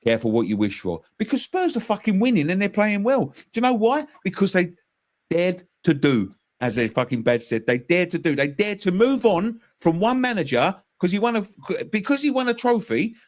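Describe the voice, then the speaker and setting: A man's voice: high-pitched, animated, fairly quick, hardly any pauses. A man, a passionate football fan pundit arguing heatedly and swearing in a casual debate. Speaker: West Ham fan pundit.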